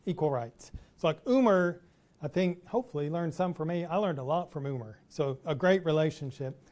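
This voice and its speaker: A middle-aged man with a Texas accent giving an academic talk to an audience in a relaxed, conversational way with frequent "uh" fillers. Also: a little high. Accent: Texan. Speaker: professor giving an installation talk.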